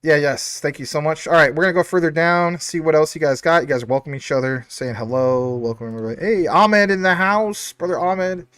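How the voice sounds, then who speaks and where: A man's voice: a little high, brisk, few pauses, fairly bright tone, clear, resonant tone, no echo. Upbeat, chatty male livestream host. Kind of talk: casual livestream, reading chat comments.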